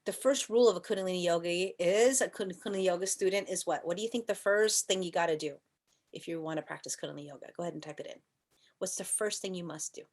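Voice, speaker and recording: Yoga teacher, woman, chatty and playful, lots of rhetorical questions, leads soft chants. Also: on the low side, fast. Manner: soft chanting and whispering at times. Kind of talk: teaching an online class.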